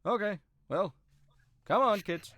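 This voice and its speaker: A man's voice: sits high, slow pace, a bit bright, no echo, pitched above the performer's own voice, full character voice. A man voicing a laid-back old male dragon mentor in a tabletop game, offhand and casual. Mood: breezy. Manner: nonchalant, offhand.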